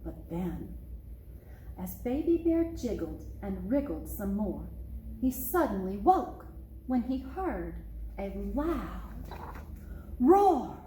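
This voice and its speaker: A woman's voice: medium pitch, takes it slowly, slight background noise. A woman, a children's librarian, reading a picture book aloud expressively, recorded in an echoey room. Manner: expressive, storytelling.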